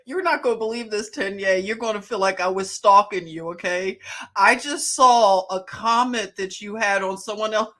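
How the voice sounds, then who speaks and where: A woman's voice: mid-range voice, lively intonation, a little slow, pushed and bright. A woman with a Philadelphia accent hosting a casual livestream, greeting viewers by name and laughing often. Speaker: livestream host.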